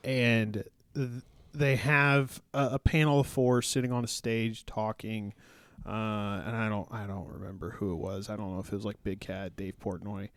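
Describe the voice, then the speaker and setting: A man's voice: fairly low pitch, steady tone, normal speed, dry recording. A man co-hosting a podcast in casual chat, rambling and laid-back and laughing often. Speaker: podcast co-host. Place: podcast studio.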